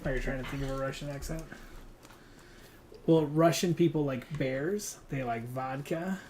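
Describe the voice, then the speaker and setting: A man's voice: medium pitch, normal speed, a little mellow, a little hiss or hum. A man streaming a hunting game, chatting casually and teasing a friend with lots of fillers. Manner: rambling and teasing, with frequent fillers. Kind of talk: casual gaming stream chat.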